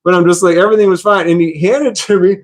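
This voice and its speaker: Man, high voice, casual storytelling, rambling, repetitive, swears. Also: fairly even intonation, rapid-fire. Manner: rambling, repeats himself, swears. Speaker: vlogger.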